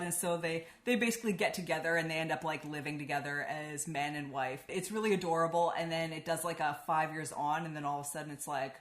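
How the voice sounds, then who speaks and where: A woman's voice: deep voice, fast talker, hardly any pauses, echoey room. A woman giving a casual spoken book review, chatty and swearing freely, with lots of "like".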